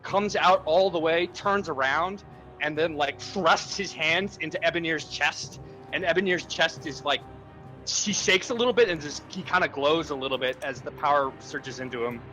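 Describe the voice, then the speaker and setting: A man with a bright, slightly high voice describes his character's actions in a tabletop game. He talks in a loose, rambling way. Soft music plays behind him. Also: moderate pace, rough recording. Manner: loose descriptive narration with fillers. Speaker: player.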